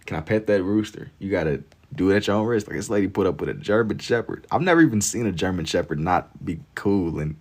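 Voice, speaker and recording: A young man with a very low voice chats at his own easy pace, the rhythm of his speech plain throughout. He reads viewers' comments aloud and replies while he draws, relaxed and joking. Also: fast talker, hardly any pauses. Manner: laid-back, reads and answers chat while drawing. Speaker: livestream artist. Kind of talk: casual livestream chat.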